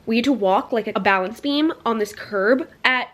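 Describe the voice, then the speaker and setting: A young woman in her twenties telling a travel story in a casual vlog, rambling and animated, with lots of "like.". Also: on the high side, moderate pace. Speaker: vlogger.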